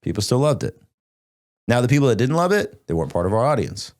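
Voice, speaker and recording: A young man hosting a podcast in casual chat, talking in an animated, emphatic way with lots of "like". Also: medium pitch, fast talker. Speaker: podcast host.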